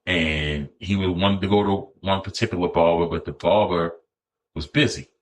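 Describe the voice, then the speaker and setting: A man in his forties with a low-set voice spins a loose, profane story as a podcast guest. He talks casually and keeps slipping into the voices of the people he quotes. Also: moderate pace. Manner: profane, animated storyteller acting out others' lines.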